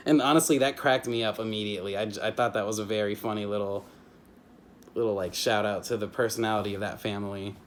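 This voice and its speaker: A man casually reviewing a book chapter at home, rambling with many fillers and restarts and slipping into quick character impressions. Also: fairly low pitch, steady tone, creaky, slight background noise. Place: home with family nearby.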